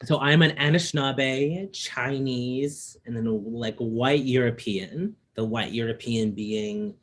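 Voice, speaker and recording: A man from Canada with a slight lisp and a slightly raspy voice, reflectively telling personal stories in a casual conversation. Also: mid-range voice, slow pace. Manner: reflective, personal storytelling with frequent ums. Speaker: performance artist in conversation.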